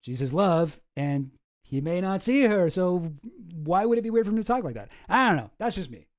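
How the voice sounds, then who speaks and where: A man's voice: sits high, lively intonation, normal speed. A man hosting a casual commentary stream, rambling and self-deprecating, swearing often. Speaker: streamer host.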